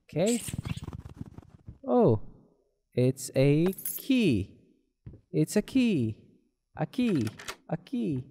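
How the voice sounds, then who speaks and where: A man's voice: on the high side, sing-song, extremely slow, long pauses, dark tone. A man giving rambling, joking commentary while playing a horror game, swearing often. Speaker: gameplay commentator.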